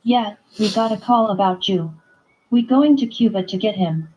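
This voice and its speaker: A woman's voice: mid-range voice, normal speed, darkish tone, husky, dull audio, lightly acted. A woman reading as a curt commanding man. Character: brusque determined man, protective leader.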